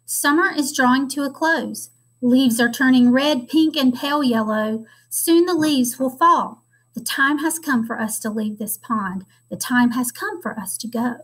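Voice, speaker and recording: A woman's voice: high-pitched, unhurried, low-quality recording. A woman reading the lines of a stately, long-winded father swan from a storybook, in a grand, lecturing manner. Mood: pompous.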